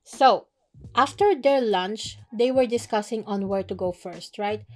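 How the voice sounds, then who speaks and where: A woman casually recapping a novel chapter by chapter, chatty and quick to laugh, with plenty of fillers. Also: mid-range voice, darkish tone. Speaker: book recap creator.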